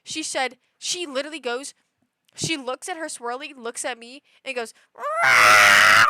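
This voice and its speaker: Woman, livestreamer, casual chat, exasperated storytelling, fillers, slightly high voice. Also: normal speed, sharp tone, no echo.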